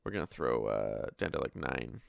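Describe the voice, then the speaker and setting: A man's voice: rumbling low, big pitch swings, normal speed, vocal fry, dry recording, clean studio sound. A man hosting his own gameplay channel, chatting casually and swearing freely, his voice tired from many takes. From Canada. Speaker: gaming channel host. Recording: faint background music.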